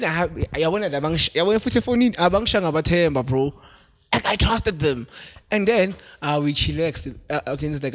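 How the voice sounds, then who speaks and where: A young South African man hosting a podcast, telling a story in a relaxed, animated way and laughing often. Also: fairly high pitch, fairly quick. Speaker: podcast host. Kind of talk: casual storytelling chat.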